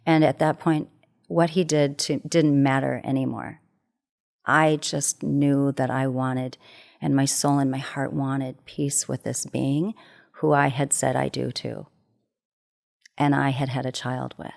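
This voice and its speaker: A middle-aged woman who is a matchmaker and relationship expert tells a heartfelt story, repeating phrases for emphasis in a gentle, earnest manner. She speaks unhurriedly in an extremely low voice with vocal fry and little pitch movement.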